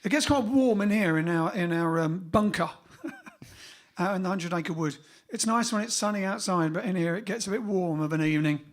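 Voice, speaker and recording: A man's voice: sits high, moderate pace. A man hosting a band livestream, chatting casually and jokily from a small indoor room. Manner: chatty, jokey, rambling with fillers. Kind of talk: casual chat.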